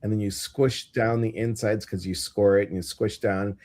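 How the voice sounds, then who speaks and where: A man's voice: fairly low pitch, flat delivery, moderate pace, darkish tone. Middle aged guy hosting a live stream, chatty and jokey, says hi to folks by name. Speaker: host. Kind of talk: casual live-stream chat.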